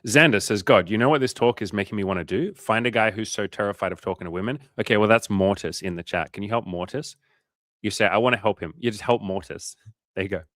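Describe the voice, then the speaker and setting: Talking fast in a lowish, fairly bright voice, the young dating coach keeps his livestream chat casual as he reads viewer comments. He jokes, swears, and reassures, with clean studio sound and no room noise.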